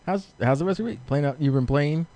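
A man's voice: a little high, fast talker, mellow. Rambling man co-hosting a podcast. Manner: rambling storyteller, self-deprecating. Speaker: podcast co-host. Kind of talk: casual chat. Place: small room, seated at a table.

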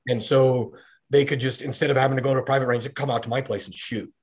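A man's voice: medium pitch, fairly even intonation, fast. A middle-aged man, a podcast guest, talking casually and rambling through his stories with frequent restarts and fillers. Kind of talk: casual conversational storytelling.

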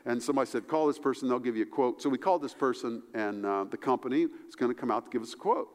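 A man preaching a sermon as pastor, animated, his voice climbing high for emphasis and falling low and soft. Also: rapid-fire, long reverb tail.

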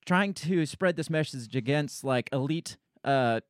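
A man's voice: a little high, expressive, measured pace, no echo, studio quality. A man hosting a casual political podcast, rambling and blunt, swearing offhandedly. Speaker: podcast host.

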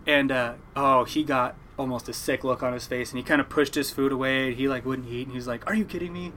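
A man's voice: mid-range voice, a little fast, a little hiss or hum. A young man, a commercial fisherman from the Oregon coast, telling a story in a casual interview and acting out the other people's voices as he goes. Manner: animated storyteller, acts out quoted voices.

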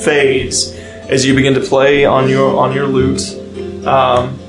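A man's voice: mid-range voice, monotone, takes it slowly, reverberant, music in the background, low-quality recording. A man acting as game master, narrating a tabletop game in a loose, descriptive way with restarts.

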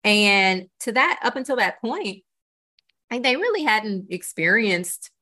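A woman's voice: mid-range voice, very animated, measured pace, bright, forceful tone. A woman guest on a podcast, speaking earnestly and reflectively in candid conversation, often checking in with "you know" and "right?".

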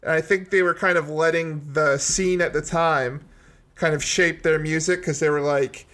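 A man's voice: fairly high pitch, steady tone, normal speed, fairly bright tone. A man co-hosting a casual music podcast, rambling and hedging as he thinks aloud. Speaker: podcast co-host.

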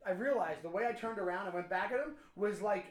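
Male podcast co-host, animated storyteller, in a roomy echoing room. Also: sits high, quick pace. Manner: animated, swearing, acts out quoted voices. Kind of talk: casual chat, storytelling.

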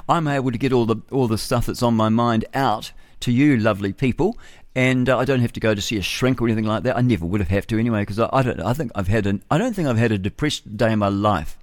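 A man's voice: mid-range voice, no echo, studio quality. A middle-aged man with a New Zealand accent hosting a breakfast radio show, rambling and opinionated, laughing at his own jokes. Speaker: radio host. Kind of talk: rambling talk-radio monologue. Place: radio studio.

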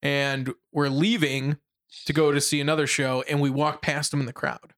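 Animated Midwestern guy telling weekend stories. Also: fairly high pitch, normal speed. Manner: animated storyteller, acts out friends' voices. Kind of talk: casual chat.

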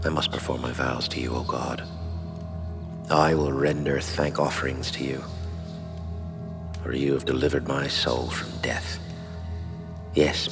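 An actor playing a devout man who prays over scripture in a reverent, hushed half-whisper. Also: rumbling low, vocal fry, heavily acted. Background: music.

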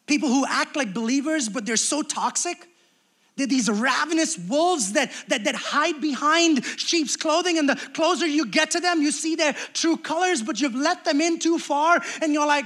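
A man's voice: very high voice, moderate pace, a bit bright. A young adult man preaching a sermon as pastor, talking conversationally and acting out little quoted exchanges.

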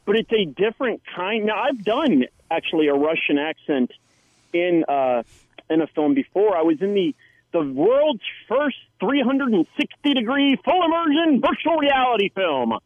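A man, an actor guest, tells stories in a chatty, rambling way. His voice sits a little high for a man. It comes through a dry, tinny phone line. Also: very animated, normal speed, no echo. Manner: chatty storyteller with many restarts. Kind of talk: casual interview anecdote.

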